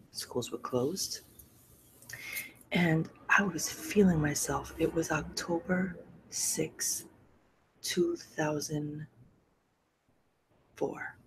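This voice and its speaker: A middle-aged woman hosting a podcast, telling a personal story candidly and emotionally, often sinking to a soft, breathy near-whisper. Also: very deep voice, slight background noise, low-quality recording. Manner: repeats phrases for emphasis, swears freely. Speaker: podcast host.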